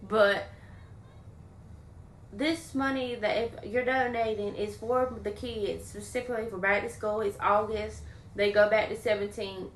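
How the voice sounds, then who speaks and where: A young woman talks straight into her phone on a livestream, venting bluntly and swearing freely between thanks to viewers. Her voice sits at a middle pitch. The room gives it a noticeable echo. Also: fairly even intonation, measured pace, slight background noise. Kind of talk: casual livestream chat. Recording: roomy echo.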